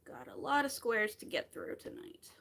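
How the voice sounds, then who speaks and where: A woman's voice: on the high side, huge pitch swings, moderate pace, creaky, a bit bright. A woman in her thirties chatting in an upbeat way with viewers as she crochets on a live stream. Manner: chatty, upbeat, talks to viewers between stitches. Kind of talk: casual live-stream chat while crocheting.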